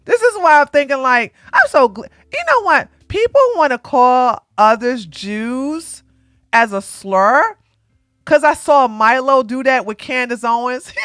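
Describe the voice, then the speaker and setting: Lively high-pitched woman streamer, sarcastic. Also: normal speed, no echo, studio quality, soft background music. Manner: animated, sarcastic, breaks into laughter. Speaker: commentary streamer. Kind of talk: live-stream commentary.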